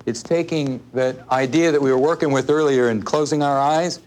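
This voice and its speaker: A man's voice: mid-range voice, moderate pace, darkish tone, a little hiss or hum. A man teaching a live seminar to an audience in a room, speaking casually, repeating his points and asking the listeners questions. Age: adult, parent of a small child. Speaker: workshop instructor.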